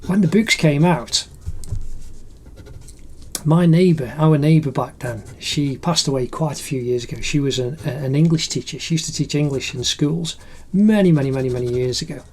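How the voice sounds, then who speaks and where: A man's voice: on the high side, moderate pace, darkish tone. A middle-aged man narrating a drawing tutorial in a chatty, encouraging way, like an art teacher.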